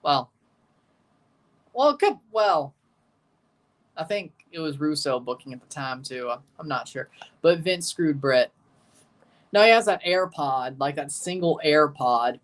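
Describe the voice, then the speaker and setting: A man's voice: a little high, expressive, unhurried, pauses often, a bit bright. A young man giving rambling, jokey live commentary while watching a match and chatting to his viewers. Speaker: watchalong streamer.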